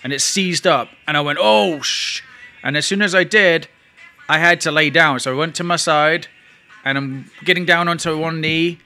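A man's voice: a little high, moderate pace, sharp tone, soft background music. A man vlogging, telling a long personal story in a rambling, emotional way with frequent restarts. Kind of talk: casual storytelling to camera.

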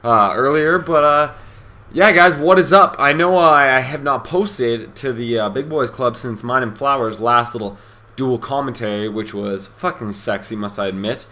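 A man's voice: mid-range voice, normal speed, bright, forceful tone. A young man giving casual, rambling commentary over gameplay, brash, boastful and full of swearing. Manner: rambling, with many fillers and restarts. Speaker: gaming commentator.

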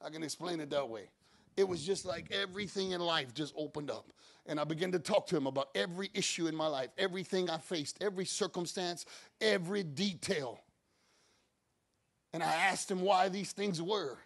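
A man preaching a sermon as pastor, moving from quiet talk to shouted preaching and acting out his own prayers and God's answers. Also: fairly high pitch, moderate pace, gravelly.

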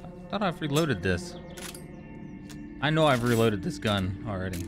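Profane, excitable gamer man over game music. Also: mid-range voice, moderate pace. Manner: excitable, profane, jokey, talks to game characters. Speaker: gamer streamer. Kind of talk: casual gameplay commentary. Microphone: studio microphone.

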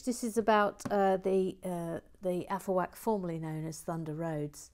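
Her voice is fairly low and a little mellow, moving at a moderate pace. As she puts together toys, this host chats in a relaxed way, tossing out wry, playful comments and plenty of whispered asides.

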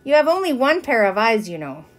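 Tired, calm mother, gently reproving, from a woman reader. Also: a little high, brisk.

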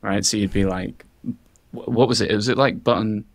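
A man's voice: fairly low pitch, steady tone, normal speed, no echo. A man with a Southern English accent, a podcast guest rambling through casual tech chat with frequent chuckles. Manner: rambling, chuckles often, fillers like "like".

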